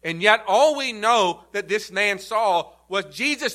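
A male pastor preaching a sermon, emphatic, rising loud and then dropping to a low, quiet delivery. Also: expressive, unhurried.

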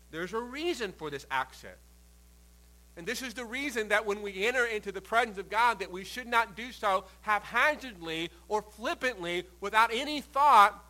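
Male preacher, high and bright, emphatic sermon delivery with soft falling phrase ends. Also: low-quality recording. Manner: emphatic, rising to loud stresses and dropping to quiet phrase endings.

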